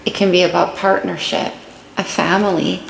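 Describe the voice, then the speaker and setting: A woman's voice: on the low side, fairly even intonation, normal speed, gravelly. A woman giving a casual tarot reading, chatting through each card she draws. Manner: chatty, warm-hearted commentary on cards. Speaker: tarot reader. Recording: echoey room, faint noise.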